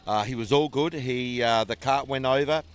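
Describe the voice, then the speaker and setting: A man's voice: medium pitch, moderate pace, smooth. A man chatting and telling stories as co-commentator at a kart race, rambling with fillers. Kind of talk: casual trackside storytelling. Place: outdoors at a dirt kart track.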